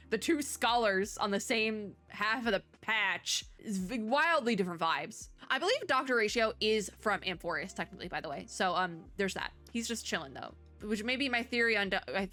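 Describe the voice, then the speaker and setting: Bright chatty young woman VTuber. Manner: chatty, rambling asides, bursts of high excitement. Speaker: VTuber game commentator. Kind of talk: casual reaction commentary.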